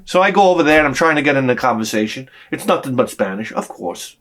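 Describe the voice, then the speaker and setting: Man vlogger, exasperated storytelling rant, very lively pitch, cursing freely. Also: moderate pace. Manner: animated, profane, exasperated.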